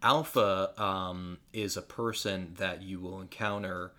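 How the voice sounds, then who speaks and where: A man co-hosting a casual podcast, chatting loosely, swearing freely and breaking into quick impressions. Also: low voice. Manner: animated, swearing, breaks into impressions of show characters. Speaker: podcast co-host. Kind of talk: casual chat.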